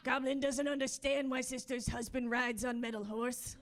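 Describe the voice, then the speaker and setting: A woman's voice: sits high, fairly even intonation, moderate pace, natural voice. Woman doing a baffled little goblin, clipped talk. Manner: clipped broken sentences, third person. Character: confused little goblin in her head, blunt. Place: comedy stage with audience laughing.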